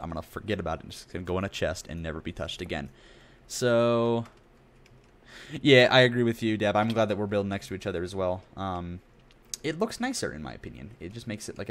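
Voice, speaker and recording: Young man, low voice, casual gameplay commentary, rambling, self-deprecating. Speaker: streamer.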